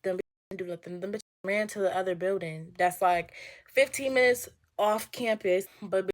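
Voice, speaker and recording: A young woman in her twenties tells a storytime to her viewers in a casual, cuss-heavy way. She is animated, jumping in and out of other people's voices. Her voice sits at an ordinary middle pitch. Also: moderate pace. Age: 20s. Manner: profane, animated, acting out quotes. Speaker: storytime vlogger.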